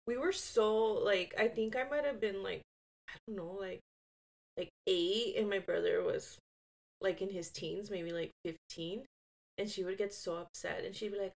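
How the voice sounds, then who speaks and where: A woman's voice: mid-range voice, normal speed, vocal fry. A woman in her thirties chatting casually as a podcast co-host, telling stories with Spanish phrases mixed in and laughing often. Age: 30s. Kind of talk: casual chat.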